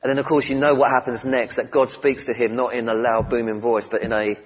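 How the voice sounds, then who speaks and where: A husky-voiced man preaches a sermon in a relaxed, conversational manner, with gentle humour and asides to the congregation. His voice is pitched in an ordinary middle range. The recording sounds a little dull and muffled. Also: brisk.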